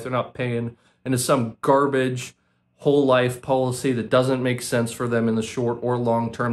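A young man with an American accent, speaking in an emotional, unscripted vlog monologue, earnest and impassioned, repeating words for emphasis and often saying "man" and "dude". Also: medium pitch. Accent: American English. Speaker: vlogger, former financial advisor.

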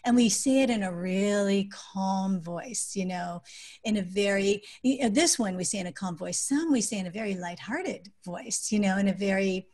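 Soft-spoken woman giving parenting advice. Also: medium pitch, moderate pace. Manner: warm, explaining with practical examples. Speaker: guest, adoptive parent and author. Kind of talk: podcast interview conversation.

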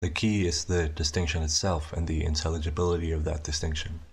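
A young man narrating a scripted explanation of his invented writing system, measured and methodical, slowing down to sound out each example. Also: rumbling low, little pitch movement, slightly rough. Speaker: conlang creator presenting his language.

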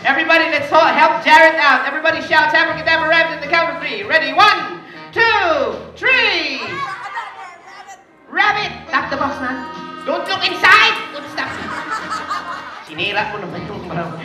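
A woman's voice: high-pitched, lively intonation, moderate pace. A woman with a Filipino accent working as a party magician, playfully teasing and coaxing the children through her tricks. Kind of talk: live kids' party magic show. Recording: echoey party hall, far from mic, music and crowd.

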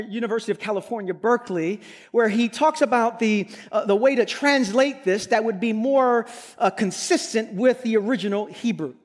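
A male pastor preaching a sermon, emphatic, with sudden loud bursts and slow, drawn-out phrases. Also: very high voice.

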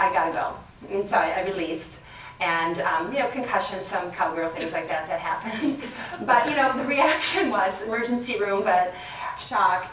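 A middle-aged woman giving a leadership talk to an audience, chatty and quick to laugh. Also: mid-range voice, a bit bright. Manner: chatty, laughs often, plays with the crowd. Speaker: guest speaker. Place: lecture room with audience. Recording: roomy sound from a distant mic, faint background noise.

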